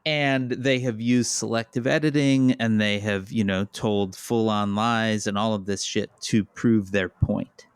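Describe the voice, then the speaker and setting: Man podcast co-host, very slow pace, smooth clear voice, deliberate commentary. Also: fairly low pitch, steady tone, no echo, clean studio sound. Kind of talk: casual chat.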